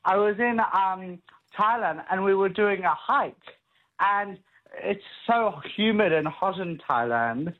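A man's voice: high voice, slow pace. A man calling in to a radio show, polite and wry, heard over a dull phone line. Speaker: caller.

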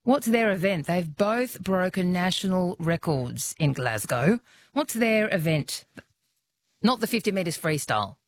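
A woman's voice: fairly low pitch, animated, a little slow, no room sound. An Australian woman hosting a talkback radio quiz, chatty and teasing with callers. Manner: chatty, teasing, laughs often.

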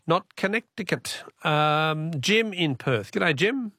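Gravelly Australian radio quiz host. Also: male voice, a little high, animated, takes it slowly, sharp tone, no echo, clean studio sound. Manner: chatty, matey, reads texts aloud. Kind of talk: talkback radio quiz hosting.

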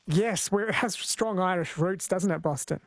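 A brisk man hosts a radio talk show from the studio. His voice sits on the higher side, close and dry at the mic. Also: dry recording. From Australia.

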